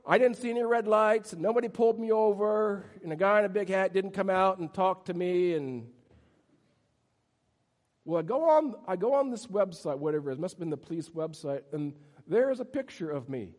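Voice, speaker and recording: A man's voice: high voice, brisk. A man preaching a sermon as pastor, telling humorous self-deprecating stories. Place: church sanctuary. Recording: long hall reverb.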